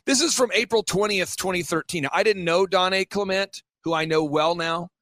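Middle-aged guy on a talk show, high-ish voice, keeps repeating himself for emphasis, dry sound. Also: a bit bright, no echo. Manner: fast-paced, repetitive, emphatic. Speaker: guest. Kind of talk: animated storytelling.

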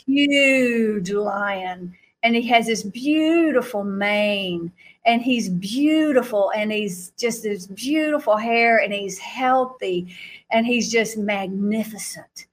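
Animated, laughing woman storyteller. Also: a little high, takes it slowly. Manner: animated, acts out quotes, laughs often. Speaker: guest speaker. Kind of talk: recounting a vision.

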